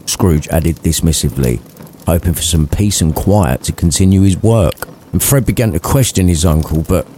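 A man's voice: low voice, expressive, moderate pace, dark tone, slight background noise. A man narrating a crude comic retelling with cheeky asides.

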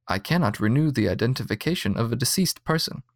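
A man's voice: mid-range voice, expressive, fast, no echo, lightly acted. A man voicing a male computer clerk from a spoken story: friendly on the surface, yet a little uncanny and unbending. The voice sits close and dry, with no room sound around it. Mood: flat politeness. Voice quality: friendly but slightly uncanny. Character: polite official male computer voice.

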